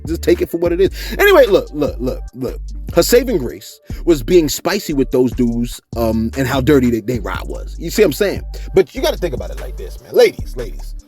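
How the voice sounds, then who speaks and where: A man hosts celebrity gossip commentary in a slangy, chatty manner and keeps checking in with his viewers. His voice sits high and leaps all over the place. Faint music plays underneath. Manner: animated, slangy, repeats "you see what I'm saying". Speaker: host of celebrity gossip channel.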